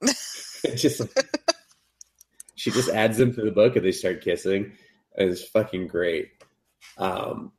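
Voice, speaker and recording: A man casually recapping an anime on a podcast, swearing freely and jumping into high voices when he quotes the characters. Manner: profane, animated retelling, jumps into high voices for characters. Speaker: podcast co-host.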